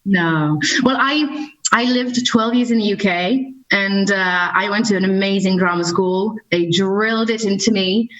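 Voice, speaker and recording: A woman's voice: mid-range voice, unhurried, few pauses, muffled recording. A woman from France with a British English accent, a cheerful podcast guest talking over a video call. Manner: cheerful, lively.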